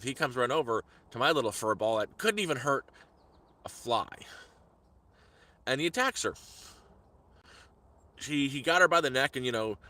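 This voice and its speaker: A man's voice: medium pitch, pushed and bright. A man on a live stream outdoors in the woods, telling a heated story in repetitive bursts. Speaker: vlogger. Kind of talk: angry live-stream rant.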